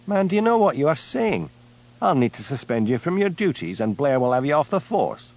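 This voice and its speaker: A man's voice: fairly high pitch, big pitch swings, brisk, a little mellow, pitched above the performer's own voice. A man voicing a patient, firm senior police detective, on a dull lo-fi recording. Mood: alarmed.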